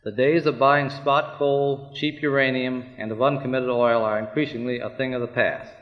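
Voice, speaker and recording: A man delivers a formal, deliberate conference talk in a mid-range voice. The archive recording is dull and muffled, with a long hall reverb around him. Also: mid-range voice, flat delivery. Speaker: conference speaker.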